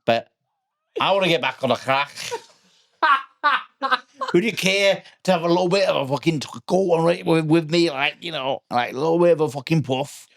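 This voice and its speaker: A man's voice: fairly high pitch, animated, normal speed, vocal fry, fairly bright tone, no room sound, clean studio sound, pitched above the performer's own voice. A man doing a comic impression of a laddish middle-aged male DJ, matey and coaxing, swearing freely. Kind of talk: comedy impression.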